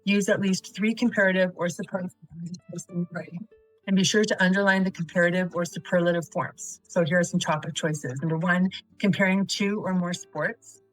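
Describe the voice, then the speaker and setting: A woman's voice: fairly low pitch, fairly even intonation, a little fast, faint music behind, rough recording. A woman teaching a recorded video lesson on essay writing, methodically reading example sentences aloud and quizzing the viewer before giving the answers.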